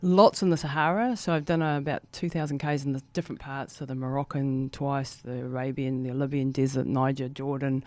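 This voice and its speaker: A woman in her fifties with a fairly low voice, speaking as an interview guest in a studio. She is relaxed and friendly, dropping casual slang and laughing often. The sound is close and dry, with no room around it. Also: fairly quick, few pauses, no echo. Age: 50s. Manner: laid-back and laughing, casual slang like "mate" and "g'day". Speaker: guest, ultramarathon runner.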